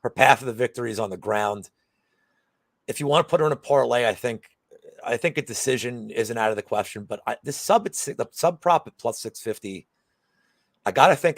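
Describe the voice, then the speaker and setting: A man's voice: fairly low pitch, no echo. A man co-hosting a betting show in casual chat, rambling with lots of fillers and restarts.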